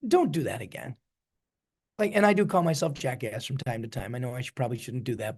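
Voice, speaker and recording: Middle-aged mentor, high-pitched, energetic and repetitive, motivational talk over a video call. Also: male voice. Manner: energetic, preachy, repeats phrases. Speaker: network marketing mentor.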